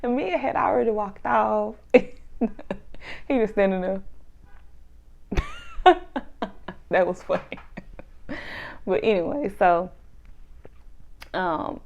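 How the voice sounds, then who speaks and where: A woman chatting through a reality show recap, breaking into laughter and putting on lively voices to quote people. Her voice has a gravelly texture, and the recording sounds dull and lo-fi. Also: medium pitch, takes it slowly, pauses often. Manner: laughs often, acts out quotes in animated voices. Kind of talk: casual recap chat.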